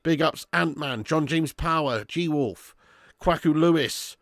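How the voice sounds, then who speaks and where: A man hosting a live football watch-along, sweary and bantering, swinging into excitable commentary. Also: on the high side, unhurried, no echo, studio quality. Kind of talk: live match commentary and chat.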